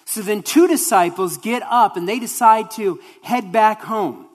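Animated storytelling preacher, mid pitch, long hall reverb. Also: unhurried. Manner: animated storytelling with acted quotes. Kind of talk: sermon.

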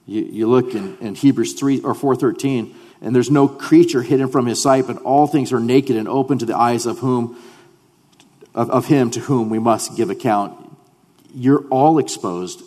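A man of middle pitch preaches a sermon, restarting his phrases with repeated words and dropping from punchy emphasis to near-hushed lines. His voice carries a long reverb, as if it fills a big hall. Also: normal speed. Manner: stammering restarts, swings between loud emphasis and hushed delivery. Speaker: pastor.

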